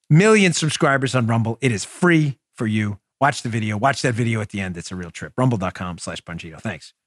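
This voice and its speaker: A man's voice: medium pitch, no echo. Male political talk host, heated and repetitive delivery, recorded dry and close. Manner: emphatic, repetitive, exasperated. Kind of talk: impassioned political monologue.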